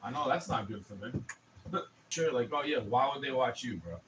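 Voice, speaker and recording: A man's voice: medium pitch, normal speed, recorded from a distance, background noise. A man in his twenties, ranting profanely and heatedly in a casual livestream. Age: 20s. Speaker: streamer.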